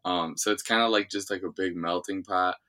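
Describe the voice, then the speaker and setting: Deep-voiced young man from Ohio. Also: fairly quick. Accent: Midwestern American. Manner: relaxed rambling with many fillers. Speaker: guest, former reality show contestant. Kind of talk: casual interview.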